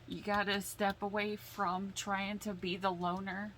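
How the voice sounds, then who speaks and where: A woman giving a casual tarot reading, slow and emotional, sighing and holding back tears as she explains the cards. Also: medium pitch, level tone, a bit bright, slight background noise, poor audio. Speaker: tarot reader.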